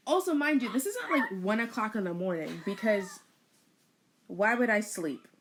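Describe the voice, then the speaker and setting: A woman with a mid-range voice talks as a podcast co-host from her own bedroom. She tells stories in a playful, animated way with plenty of fillers. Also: medium pitch, a little slow, a little hiss or hum. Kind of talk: casual chat, storytelling.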